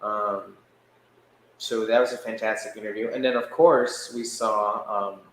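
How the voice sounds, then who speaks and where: Man, podcast co-host, casual storytelling, animated, laughs, echoey room. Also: lowish voice, a little slow, a little hiss or hum. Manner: animated, laughing, acts out quotes. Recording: echoey room with faint ambience.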